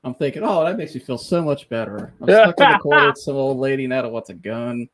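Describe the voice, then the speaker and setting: A man hosting a podcast, telling a funny story in a casual, animated way, laughing often and mimicking the people he quotes. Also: medium pitch, fast talker. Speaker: podcast host.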